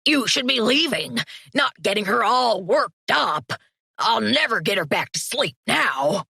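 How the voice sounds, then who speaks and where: A stern, grumbling male Cerberus head, a parent who wants quiet, as a woman narrator puts him on. He sounds a touch higher and pushier than her own reading voice, dry and close. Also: animated, unhurried, gravelly, dry recording, heavily acted. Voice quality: strict, grumbling.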